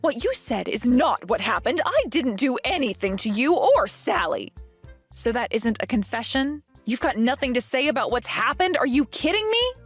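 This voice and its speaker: A woman playing a young pregnant wife who presses her mother-in-law with calm, firm questions. Her higher voice rises and falls a lot and has a breathy quality. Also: normal speed, soft background music. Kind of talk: voiced animated story drama.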